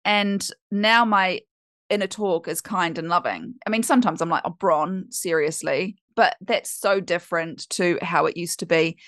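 A woman's voice: on the low side, normal speed, fairly bright tone, dry recording, clean studio sound. A woman hosting a podcast as a coach, talking in a candid, chatty way and swearing now and then. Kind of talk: casual podcast monologue.

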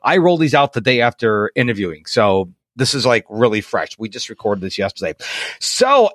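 A man's voice: mid-range voice, very animated, moderate pace, fairly bright tone, no echo, clean studio sound. An American man hosting a podcast, chatting casually and eagerly, often repeating himself. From Rochester, New York. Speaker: podcast host. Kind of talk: casual interview chat.

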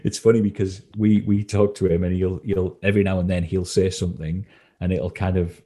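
A man's voice: low-pitched, little pitch movement, fairly quick, mellow, breathy edge. A man from England, a coach being interviewed on a podcast, talking casually with many ums and restarts. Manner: hesitant, lots of ums and restarts. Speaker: confidence coach guest.

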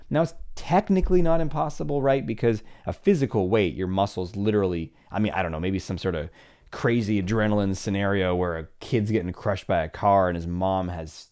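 A man's voice: lowish voice, warm tone. A man in his forties, a confidence coach and podcast host, talking casually on his own and acting out quoted dialogue in shifting voices. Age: 40s. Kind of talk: casual solo podcast talk.

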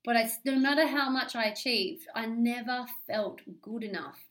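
An Australian woman talking openly and at length in a solo podcast, confessional and animated, swearing freely and rambling with restarts. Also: a little high, normal speed. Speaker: podcast host. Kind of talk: candid solo podcast monologue.

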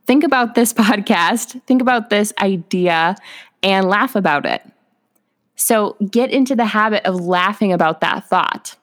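A woman's voice: mid-range voice, animated, measured pace. A woman hosting a motivational podcast, talking directly to realtors in an upbeat, encouraging way. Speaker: podcast host, realtor coach.

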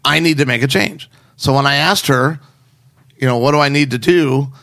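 A man with a gravelly, creaky voice of middle pitch, chatting casually and giving advice to husbands. He tells stories in a sarcastic, animated way. The sound is close and dry. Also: moderate pace, no echo. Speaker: podcast co-host.

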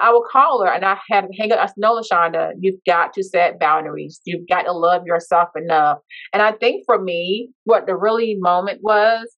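A woman's voice: medium pitch, a bit bright. A woman podcast guest telling her personal story in a heartfelt, reflective way. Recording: dull lo-fi sound.

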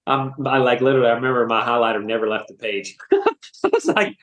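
A man in his thirties, a podcast guest, giving a personal faith testimony in animated, emotional storytelling full of casual slang. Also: mid-range voice, fast, muffled recording. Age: 30s. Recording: roomy echo.

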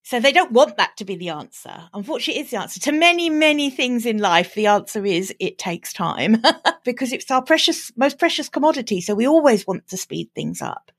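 A woman's voice: fairly high pitch, big pitch swings, a little fast, slightly rough. A woman hosting a podcast, agreeing emphatically with her guest in casual conversation. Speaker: podcast host.

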